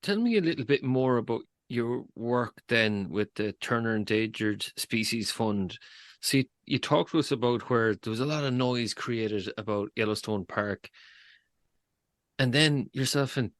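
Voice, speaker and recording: A man's voice: mid-range voice, animated, unhurried, dry recording. A man hosting a podcast, asking a guest curious and enthusiastic questions. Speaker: podcast host. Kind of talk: interview questions.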